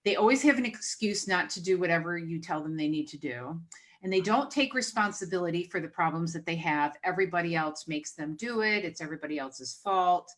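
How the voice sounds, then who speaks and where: A woman's voice: fairly low pitch, animated, fairly quick. A woman hosting a podcast, telling stories in a casual chat and acting out the dialogue she quotes. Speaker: podcast host.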